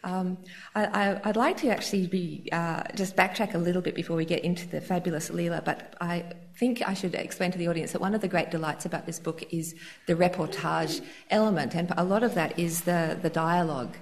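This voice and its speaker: A lowish, gravelly woman's voice leading an onstage conversation with an author. She talks effusively and circles back on herself with restarts and fillers. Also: steady tone, brisk. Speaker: interviewer at a live author event.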